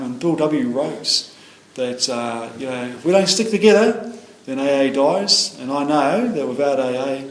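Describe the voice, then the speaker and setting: A middle-aged AA meeting speaker from New Zealand, his voice medium-pitched and a bit bright, offers a rambling, sincere personal share that leans on "you know." There's a little hiss or hum, and the roomy meeting hall adds faint ambience.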